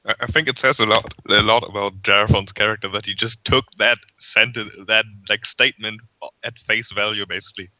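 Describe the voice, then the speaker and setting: A man player in casual chat musing quickly about a character. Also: lowish voice, steady tone, sharp tone, no echo, lo-fi sound.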